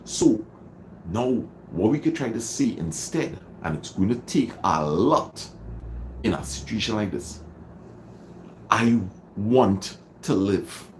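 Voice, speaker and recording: A man's voice: fairly low pitch, big pitch swings, measured pace, a little mellow, a little hiss or hum. A man with a Trinidadian accent hosting a motivational livestream, greeting viewers and repeating phrases dramatically for emphasis. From Trinidad and Tobago. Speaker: livestream host.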